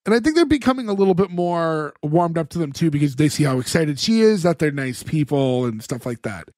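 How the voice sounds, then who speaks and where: A man's voice: on the high side, big pitch swings, fairly quick, darkish tone, no echo, clean studio sound. A man co-hosting a podcast, recapping a TV episode in casual chat with lots of fillers, acting out the characters' lines as he goes. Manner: rambling, many fillers, acts out characters' lines. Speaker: podcast co-host.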